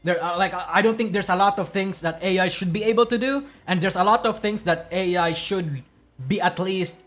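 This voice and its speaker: Brief: high-pitched male streamer, blunt and profane, rambling rant over faint music. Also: fairly quick, a bit bright. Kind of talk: casual reaction stream commentary.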